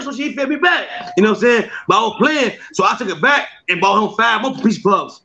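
Hyped guy telling stories, real high gravelly voice, stutters a lot, kinda muffled audio. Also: fast, few pauses. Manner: excitable, stammering, laughing, shouting bursts. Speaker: skit creator and guest. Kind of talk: casual storytelling.

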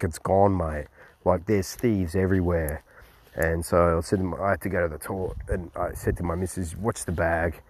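A man's voice: low voice, no room sound. A man with an Australian accent telling a travel story in a rambling way, swearing often and restarting sentences. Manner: rambling and profane, with many restarts. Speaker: travel vlogger. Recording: noisy recording with clicks. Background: steady background noise.

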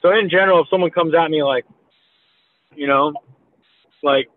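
A meme-making guest in his thirties tells a casual podcast story at a moderate pace, his voice on the high side. He rambles and curses, leaning on "like" and "you know," in a dry recording with a tinny, phone-like quality.

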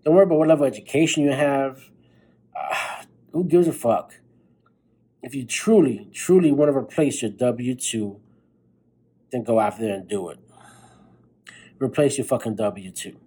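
A man's voice: mid-range voice, mellow, slightly rough, rough recording. A young man hosting a podcast, giving a blunt, profane motivational monologue late at night while tired. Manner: blunt, profane, fired-up pep talk. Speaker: podcast host.

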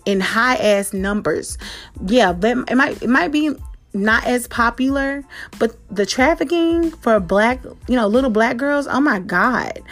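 A woman hosting a podcast, talking straight to her listeners in a blunt, profane, emphatic way, repeating herself for stress. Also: on the high side. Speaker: podcast host. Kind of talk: casual direct-to-listener monologue.

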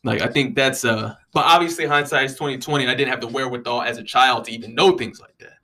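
A young man hosts a podcast alone, rambling through a casual solo monologue full of profanity and "you know what I mean." His mid-range voice is bright and forceful, and he talks fast.

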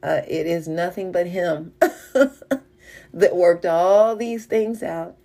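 An older woman, a mother and wife, telling a personal testimony story, animated and laughing as she goes. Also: lowish voice, takes it slowly. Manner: animated, rising when excited, laughs while telling.

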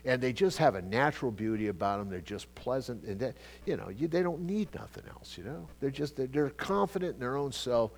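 Middle-aged pastor guy preaching, chatty, gets loud then drops low, lots of restarts. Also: fairly quick, few pauses. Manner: conversational preaching with frequent asides and repetitions; animated, swings between loud emphatic bursts and quiet low asides. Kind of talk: sermon, Bible teaching.

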